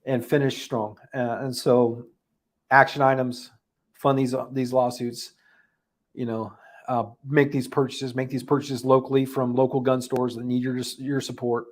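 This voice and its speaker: A man hosting a livestream recap, talking unscripted, halting and emotional with many restarts, audibly holding back tears. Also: medium pitch, flat delivery. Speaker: livestream host giving a daily recap.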